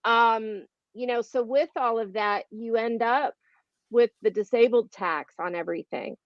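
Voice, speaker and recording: A woman's voice: a little high, measured pace, no room sound, dull audio. A woman speaking candidly on a panel, loose and conversational with many fillers.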